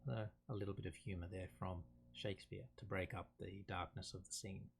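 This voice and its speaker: Low, gravelly man explaining a play. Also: steady tone, normal speed. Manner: casual, reads quotes aloud between explanations. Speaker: teacher.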